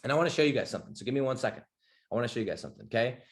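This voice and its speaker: A man's voice: medium pitch, racing, very noisy. A man coaching on a livestream in a blunt, emphatic way, swearing often and checking in with "okay?". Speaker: business coach. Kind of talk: motivational livestream talk. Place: home office.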